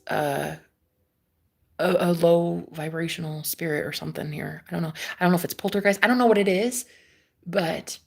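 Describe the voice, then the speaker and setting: A woman's voice: low voice, vocal fry, slightly rough. A woman from Iowa chatting on a live stream, rambling with lots of fillers and repeats, swearing and laughing often. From Iowa, USA. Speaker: livestream host reading chat. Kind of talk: casual live-stream chat.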